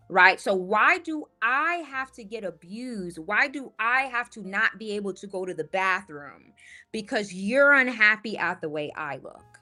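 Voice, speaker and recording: A woman's voice: mid-range voice, sing-song, unhurried, a bit bright, faint music behind. A woman who works as a spiritual life coach tells a story in a casual monologue, assertive and emphatic, often asking "right?".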